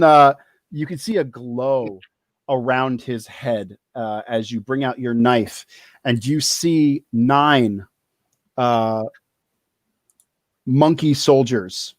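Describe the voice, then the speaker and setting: A man narrating a tabletop game as game master, halting, with many fillers and restarts. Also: medium pitch, no room sound.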